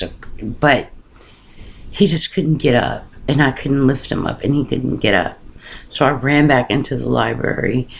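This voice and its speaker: A middle-aged woman casually telling a personal story on her vlog, often stopping to repeat words as she looks for them. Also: rumbling low. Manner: halting, repeats words while searching for them. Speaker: vlogger.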